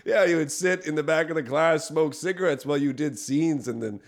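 Dry, deadpan improviser, man, a touch high-pitched. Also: a little fast. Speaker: comedian. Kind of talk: improv comedy banter.

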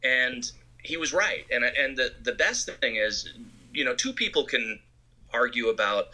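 Bright-voiced man telling film-set stories. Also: mid-range voice, measured pace. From Arizona. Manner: animated storyteller who acts out quotes. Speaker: film director guest. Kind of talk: anecdotal interview storytelling.

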